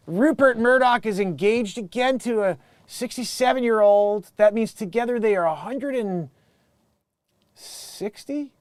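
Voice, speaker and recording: A man's voice: high-pitched, dry recording. A man hosting a comedic news show, rambling and joking through headlines and laughing at his own bits. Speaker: talk show host.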